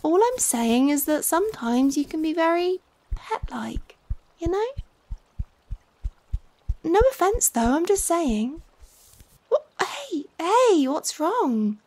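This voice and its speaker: Female ASMR performer, whispered role-play, high register, unhurried delivery, coaxing and teasing. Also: sing-song, a little mellow.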